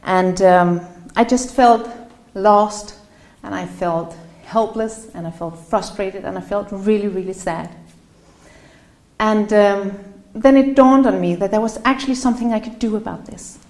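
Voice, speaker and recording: A woman giving an earnest, halting opening speech to a live audience, her voice catching with emotion at times. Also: mid-range voice, a little mellow. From Denmark. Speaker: event host. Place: room in front of a live audience. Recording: roomy echo.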